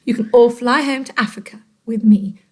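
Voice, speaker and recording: A woman's voice: on the high side, normal speed, a little mellow, natural voice. A woman doing a chirpy, kindly storybook bird. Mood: cheerful. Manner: cheerful, reassuring.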